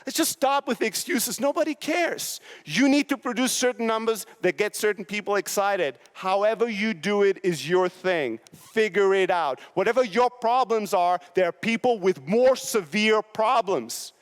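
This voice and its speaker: A man in his thirties giving a blunt, profane, high-energy motivational talk on a conference stage. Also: expressive, moderate pace, few pauses. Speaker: keynote speaker.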